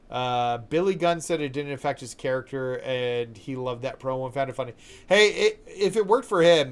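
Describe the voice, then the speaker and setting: A man from Canada giving relaxed live commentary while playing a video game and answering his viewers' chat questions. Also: mid-range voice. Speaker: live streamer.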